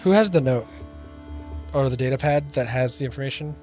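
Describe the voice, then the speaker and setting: A man at a tabletop game, casually narrating his character's actions with small restarts. Mid male pitch, with faint music behind. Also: brisk, a little mellow. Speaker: player.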